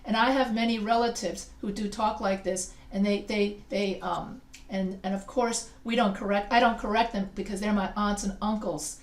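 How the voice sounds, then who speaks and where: A woman's voice: mid-range voice, fairly even intonation, normal speed, hardly any pauses, echoey room. A woman instructor giving a chatty, playful grammar lecture in a classroom, asking students questions as she goes. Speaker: writing instructor.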